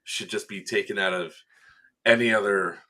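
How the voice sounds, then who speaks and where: Lively man telling airsoft stories. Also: on the low side, moderate pace. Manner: animated storyteller, acts out quotes with laughs. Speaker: event staff member recounting a game. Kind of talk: casual podcast chat.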